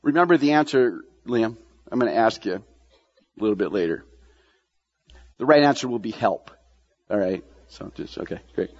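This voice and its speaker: A man's voice: fairly low pitch, normal speed, long pauses, slightly rough. A man preaching a sermon, repeating key phrases and asking the congregation questions. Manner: animated preaching, repeats lines for emphasis, asks the congregation questions. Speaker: pastor. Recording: dull sound, long hall reverb.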